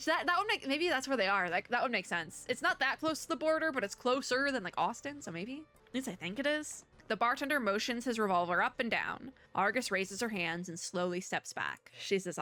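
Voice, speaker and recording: Bright-voiced woman narrating a game. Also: fairly high pitch, animated, brisk, few pauses. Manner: chatty, laughing asides while reading story text. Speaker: gaming content creator. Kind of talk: casual let's-play commentary.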